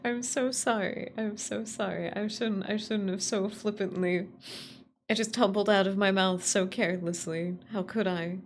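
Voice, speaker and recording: A woman's voice: mid-range voice, fairly even intonation, moderate pace, slight background noise. A woman streaming a game, chatting casually with viewers in a playful, teasing way and laughing often. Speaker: VTuber streamer. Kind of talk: casual live-stream chat.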